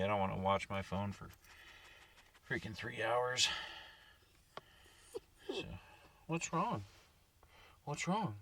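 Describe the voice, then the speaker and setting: A laid-back man rambles through a night in his truck camper, slipping into sing-song baby-talk for his dog. His voice sits low, and he sounds a little distant from the mic, with a faint hiss underneath. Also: pushed and bright. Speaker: camping vlogger. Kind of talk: casual vlog chat.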